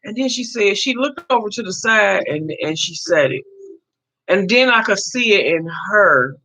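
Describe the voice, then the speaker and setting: A woman's voice: mid-range voice, lively intonation, normal speed, sharp tone, poor audio. A woman in her fifties hosting a casual live chat, talking to viewers and answering their comments as she goes. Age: 50s. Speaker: livestream host.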